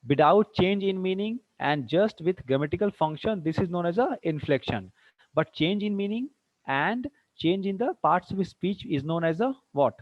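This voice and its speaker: A man's voice: sits high, lively intonation, moderate pace, no echo. Guy teaching grammar, keeps quizzing the class, dull dry classroom sound. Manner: quizzing students with frequent check-ins, mixing in Hindi. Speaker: English teacher.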